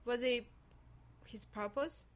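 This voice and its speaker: A woman's voice: a little high, takes it slowly. Curious woman asking simple questions. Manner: asks short, simple questions in non-native English. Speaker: podcast co-host. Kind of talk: casual chat.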